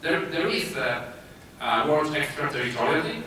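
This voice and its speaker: A man with a Polish accent giving a conference talk, speaking haltingly with many filler sounds and restarts. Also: on the high side, expressive, bright, forceful tone. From Poland. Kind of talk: conference presentation. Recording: echoey hall, distant mic, noisy.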